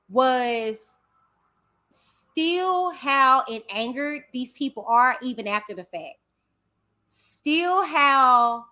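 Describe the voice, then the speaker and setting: A woman from Texas with a Southern accent, hosting a livestream and reading viewer comments aloud in a loud, passionate, chatty way. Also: a little high. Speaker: livestream host reading chat. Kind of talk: casual chat with viewers.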